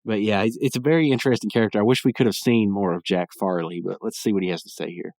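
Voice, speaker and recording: Low-voiced rambling man, dry close mic. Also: fast talker, darkish tone, no echo. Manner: rambling, laughs while retelling scenes, acts out lines. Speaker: podcast host recapping a cartoon episode. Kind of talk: casual solo commentary.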